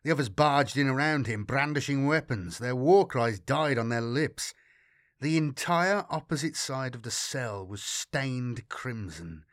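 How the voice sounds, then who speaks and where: A man narrating a dark sci-fi horror audiobook in a measured way, slowing for grim detail. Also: medium pitch, no echo, clean studio sound.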